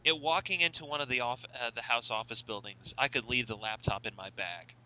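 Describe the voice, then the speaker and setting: A man with a very bright, sharp tone hosts a radio show, teasing his co-host and signing off in a formal broadcast manner. The sound is dull and lo-fi. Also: medium pitch, fairly quick. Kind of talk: casual radio banter.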